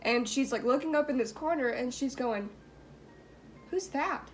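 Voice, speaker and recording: A woman's voice: on the high side, fairly quick, soft background music. A young woman hosting a vlog, casually telling a spooky story with lots of "like" fillers and giggles. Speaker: vlog host.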